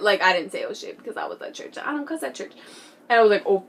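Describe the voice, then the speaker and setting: A teenage girl chatting through a storytime vlog with a bright, clear voice. She is excitable and giggly and leans on "like" and "bro". Some lines drop to a near whisper, with a faint hiss behind her. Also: high voice, fast talker. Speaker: vlogger.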